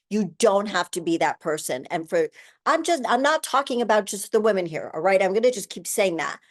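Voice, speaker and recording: A woman's voice: medium pitch, expressive, a little mellow. Candid, emotional woman in her sixties. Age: 60s. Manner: candid, emotional, swears freely; speeds up and slows down for emphasis. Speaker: podcast host. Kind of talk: personal monologue.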